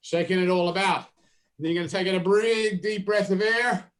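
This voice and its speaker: A man leading a drama workshop, talking participants through a physical and vocal warm-up with steady, repetitive cues and playful asides. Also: high-pitched, brisk. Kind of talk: guided warm-up instructions.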